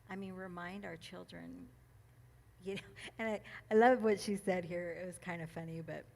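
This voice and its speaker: A woman speaking at a church gathering, reading a passage and reflecting on it, emotional and quick to laugh, with many ums and restarts. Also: on the low side, fairly even intonation, creaky, a little mellow. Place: church meeting room.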